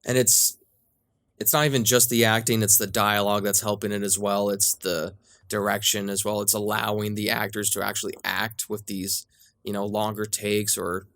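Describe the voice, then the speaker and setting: Male podcast co-host, enthusiastic casual film talk, lowish voice, dry sound. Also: little pitch movement, moderate pace, fairly bright tone, no echo. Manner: enthusiastic, laughs often. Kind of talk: casual film review chat.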